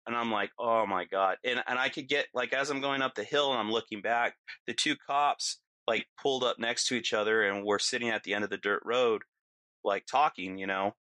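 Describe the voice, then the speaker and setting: A middle-aged man as a podcast guest, telling a story in casual talk, animated and laughing often, acting out what people said. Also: medium pitch, fairly quick, dry recording.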